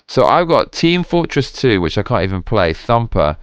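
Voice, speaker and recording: Lively, rambling drunk male streamer. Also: on the low side, normal speed, clean tone, no echo, muffled recording. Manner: rambling, swearing, chatty. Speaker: game streamer. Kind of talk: casual live-stream chat.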